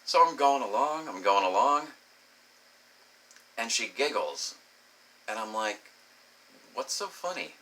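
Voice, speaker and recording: A man's voice: medium pitch, animated, measured pace, long pauses, bright, forceful tone, a little hiss or hum, low-quality recording. A man telling a crude personal story as a rambling, profane vlog monologue, laughing often and saying "you know" a lot. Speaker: vlogger.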